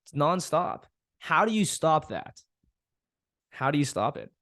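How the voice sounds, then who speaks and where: Speaking a little slowly in a fairly bright, slightly high voice, this young podcast host is very animated as he vents casually and frankly on his solo show. He swears a lot and laughs at himself. The sound is dry and studio-clean.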